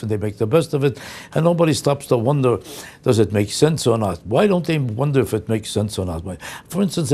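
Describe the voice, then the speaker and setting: A man's voice: medium pitch, darkish tone. Indignant older man ranting comically. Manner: indignant, incredulous, piling up insults. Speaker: comedian. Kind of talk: comic rant monologue. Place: home vlog.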